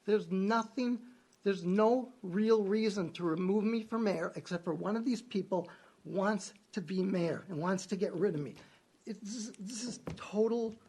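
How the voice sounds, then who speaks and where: A man's voice: high voice, unhurried, a little mellow, breathy edge. A man speaking as mayor at a city council meeting, upset and defensive, repeating himself as he argues his case. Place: council chamber.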